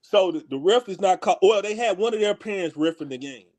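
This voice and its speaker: Animated Houston storyteller, high voice. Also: male voice, fairly quick. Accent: Houston, Texas. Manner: animated, laughs while telling stories, slangy. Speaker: podcast co-host. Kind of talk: casual storytelling among friends.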